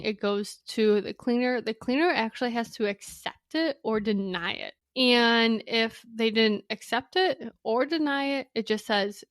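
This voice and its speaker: A young adult woman from Wisconsin hosting a podcast, telling a story in a chatty, casual way, full of "like" and quick side notes. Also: fairly high pitch, no room sound, studio quality. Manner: chatty, lots of "like", quick asides and apologies. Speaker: podcast host.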